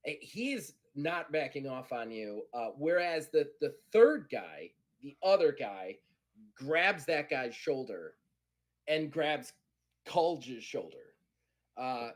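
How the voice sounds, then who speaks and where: Animated man running a tabletop game. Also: mid-range voice. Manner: animated, filler-heavy storytelling, laughs easily. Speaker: game master.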